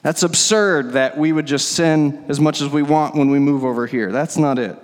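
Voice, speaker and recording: A man's voice: a little high, moderate pace. Male pastor preaching in a reverberant hall. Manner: conversational, emphatic, repeats words when stressing a point. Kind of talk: sermon. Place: church sanctuary.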